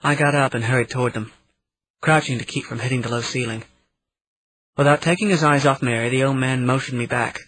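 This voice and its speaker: A man narrating a novel in the first person at a steady, measured pace. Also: medium pitch, a little hiss or hum, low-quality recording. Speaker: audiobook narrator.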